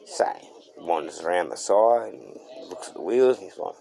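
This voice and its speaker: A man's voice: low-pitched, lively intonation, normal speed, creaky, warm tone. A man with an Australian accent, hosting a car channel and telling a story in laid-back, slangy talk. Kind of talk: storytelling to camera.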